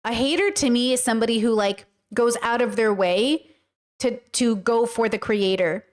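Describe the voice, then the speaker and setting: At a moderate pace, this woman addresses her livestream viewers directly in a slightly high-pitched voice. As a streamer and commentator she reacts and explains bluntly, with emphasis and casual swearing.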